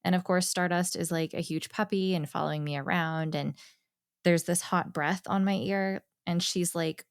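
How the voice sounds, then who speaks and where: A woman chatting on a podcast in a lowish voice with a strong gravelly fry. She tells her anecdote in an easygoing way, recorded dry with no room echo. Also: steady tone, moderate pace. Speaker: podcast conversation partner. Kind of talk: casual chat.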